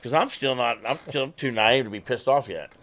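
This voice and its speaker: Musician guy ranting about gigs, bright pushy voice, swears a lot, acts out what people said. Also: mid-range voice, normal speed, slight background noise. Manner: animated, swears freely, acts out quoted people. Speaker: musician guest. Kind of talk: casual conversational storytelling.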